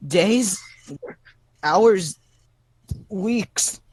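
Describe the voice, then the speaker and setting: A terrified dead man's shade, stammering and begging to be rescued from the dark, as a game master puts him on. The voice sits a bit higher than the game master's own and frays with panic. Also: extremely slow, slightly rough, no echo, exaggerated voice. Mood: desperate. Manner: frantic, pleading, stammering. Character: panicked young man, a dead human shade lost in darkness.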